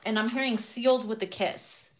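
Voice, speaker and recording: A woman reads tarot cards in a loose, chatty way, swearing freely and breaking into laughter. Her voice sits a little high, and she slips into playful acted-out quotes. A faint hiss runs under the recording. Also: normal speed. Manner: profane, laughing often, acts out quotes. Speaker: tarot reader. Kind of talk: casual tarot reading to camera.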